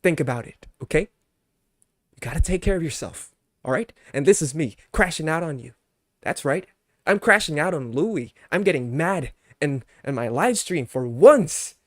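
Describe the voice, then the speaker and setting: Young man streamer, higher-pitched dry voice. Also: animated, moderate pace, a bit bright, dry recording. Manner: mock-angry outbursts then laughing apologies to chat. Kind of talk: casual live-stream chat.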